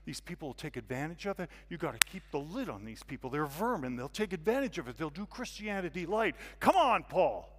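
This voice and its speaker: A man's voice: fairly high pitch, very animated, a little fast, hardly any pauses, heavy background noise. A man playing rigid religious critics who insist on keeping rules. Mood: dismissive. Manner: scolding, insistent. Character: scornful legalistic religious critics. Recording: long reverb of a hall.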